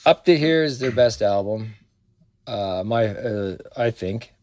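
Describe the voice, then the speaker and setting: A man's voice: lowish voice, lively intonation, slow pace, a little mellow. A man co-hosting a podcast, rambling and hesitant with lots of fillers. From Canada. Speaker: podcast co-host. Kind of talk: casual chat.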